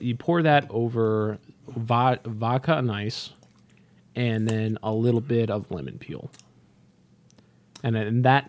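A man co-hosting a podcast, joking and chatting casually. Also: mid-range voice. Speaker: podcast co-host.

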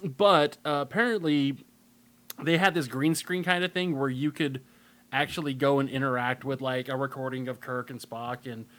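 A man's voice: medium pitch, steady tone, moderate pace, a bit bright. A man co-hosting a casual podcast chat, rambling and losing his train of thought. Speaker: podcast co-host.

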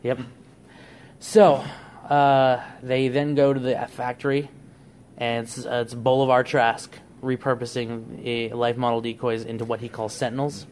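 Brief: male podcast host, mid-range voice, animated storyteller, faint noise underneath. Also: unhurried. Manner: enthusiastic storyteller, pitching plot ideas. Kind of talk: casual podcast chat.

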